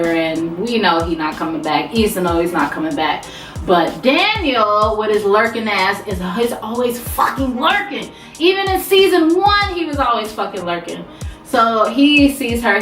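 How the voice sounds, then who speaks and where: A woman recapping a TV episode in a casual, profane, animated vlog, talking back to the characters. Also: medium pitch, far from the mic. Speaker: TV recap vlogger. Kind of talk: casual recap with quoted voices. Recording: roomy sound, away from mic.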